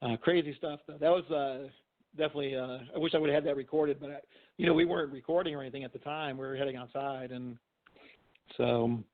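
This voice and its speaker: A man's voice: medium pitch, fairly even intonation, fast talker. A middle-aged man, a guest, telling stories casually and rambling, with lots of "you know" and restarts. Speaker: guest, physician and paranormal investigator. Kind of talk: casual storytelling in a phone interview. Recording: tinny phone line.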